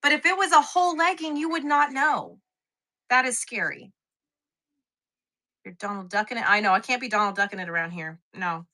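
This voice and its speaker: A woman's voice: a little high, normal speed, long pauses, sharp tone. A young woman, chatting casually and laughing at herself while selling quilting supplies on a live stream. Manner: chatty, self-mocking, laughs often. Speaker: live shopping seller.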